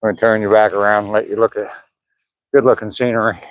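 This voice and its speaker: A man's voice: fairly low pitch, level tone, fast, no echo, muffled recording. An older man with a Southern accent, chatting casually with his livestream viewers as he walks outdoors past pine woods, rambling and chuckling as he reads the chat. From Southern US, Georgia. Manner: easygoing, rambling, chuckling, reading chat aloud. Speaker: vlogger livestreaming a walk. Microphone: phone camera held while walking.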